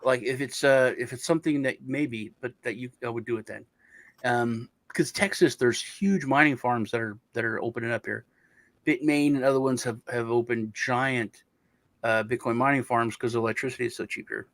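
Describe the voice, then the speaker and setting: A man's voice: mid-range voice, normal speed, a bit bright, dry recording. Guy rambling thru a story, lots of ums, dry close sound. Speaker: crypto show host. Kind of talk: casual chat.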